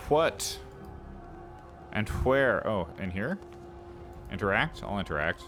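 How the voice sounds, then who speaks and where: Low-voiced man reading a game aloud. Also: big pitch swings, takes it slowly, pauses often, over music. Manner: playful, chatty asides to viewers. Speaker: let's play host.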